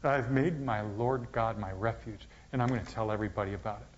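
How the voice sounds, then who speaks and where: Preaching man, loud to whispered. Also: lowish voice, fairly even intonation, brisk, a little hiss or hum. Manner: dramatic swings from loud emphasis to near-whisper. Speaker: pastor. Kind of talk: sermon. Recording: dull, lo-fi sound.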